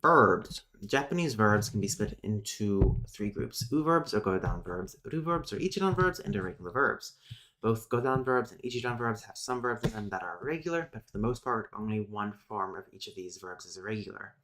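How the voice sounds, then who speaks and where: A man's voice: fairly low pitch, lively intonation, fairly quick, a bit bright. Man reading linguistics notes aloud. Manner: thinks aloud, breaks off with muttered asides. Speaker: streamer teaching linguistics. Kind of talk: casual live-stream lesson, reading notes aloud.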